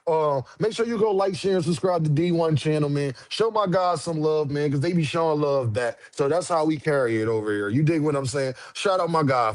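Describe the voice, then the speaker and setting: Guy on a boxing stream, kinda high voice, dead dry sound, just cussing and riffing loose. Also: no room sound. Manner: loose, profane, repetitive slang. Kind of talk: casual livestream chat.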